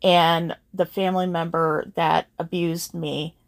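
A woman's voice: fairly low pitch, flat delivery, takes it slowly, no echo, clean studio sound. A young adult woman hosting her channel, talking to her viewers in a heartfelt, earnest way, emotional and holding back tears. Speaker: channel host. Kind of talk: heartfelt personal talk to viewers.

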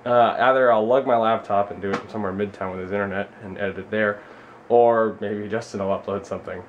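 Out on a New York street, a young man talks casually to his handheld camera's mic, cracking jokes and cursing as he vlogs. He speaks quickly in a lowish, steady voice. The sound is lo-fi, with slight background noise.

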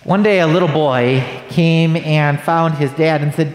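A man's voice: a little high, normal speed, few pauses. Man preaching in an echoey church. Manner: acts out family dialogue in anecdotes. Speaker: pastor. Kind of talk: sermon with storytelling. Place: church sanctuary. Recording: echoey church hall with long reverb.

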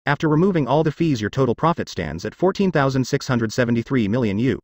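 A cocky, boastful informant talks bluntly, sure of himself, put on by a male narrator. The delivery is lively and rises and falls a lot. The recording is dry and close, with no room sound. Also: mid-range voice, fast, dry recording. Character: deep-voiced male informant, brash and cocky. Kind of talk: audiobook character dialogue.

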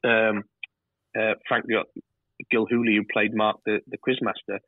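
A man, a TV director, telling lively stories in a casual interview and swearing freely. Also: lowish voice, unhurried, no echo. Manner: animated storyteller, swears freely. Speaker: TV director, guest. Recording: tinny phone-like line.

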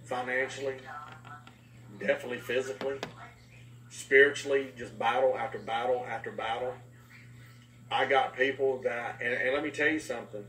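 A man preaching a sermon as a pastor, telling a story with voiced quotes in an animated way. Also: mid-range voice, moderate pace, pauses often. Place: live-streamed talk. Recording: echoey room from far off, faint noise.

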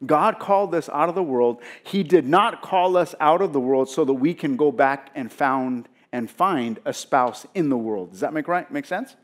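A man's voice: fairly high pitch, moderate pace, hardly any pauses. A male pastor giving a sermon, preaching with emphasis and often putting rhetorical questions to his congregation.

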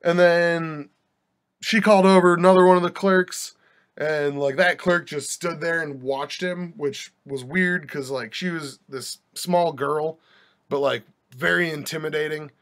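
A young man with a slightly higher voice than most tells a long story on his podcast. He rambles and restarts, throws in asides, and keeps a wry, joking edge throughout. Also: fairly even intonation, unhurried, fairly bright tone. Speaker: podcast host. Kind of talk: casual storytelling monologue.

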